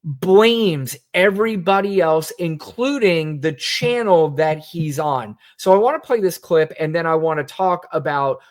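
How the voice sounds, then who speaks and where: A podcast host giving blunt, indignant political commentary, swearing now and then. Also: medium pitch.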